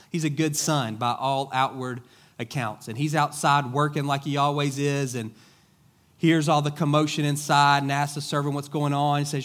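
A man's voice: on the high side, normal speed. A middle-aged man preaching a conversational sermon as a pastor, casual and joking, telling stories in plain everyday speech. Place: church sanctuary.

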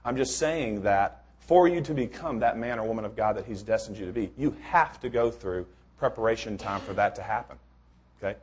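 A man's voice: on the low side, fairly quick, darkish tone, slight background noise. Easygoing male preacher, chatty and rambling, restarts often, jokes before scripture. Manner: informal, rambling, many restarts, joking. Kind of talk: sermon.

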